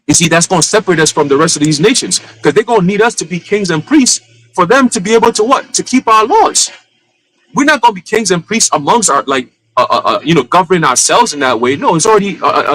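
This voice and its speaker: A man teaching at a live church gathering, talking in a casual, animated way with street slang. His voice sits a little high for a man. He stumbles and restarts often while he makes his point. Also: poor audio. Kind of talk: informal sermon.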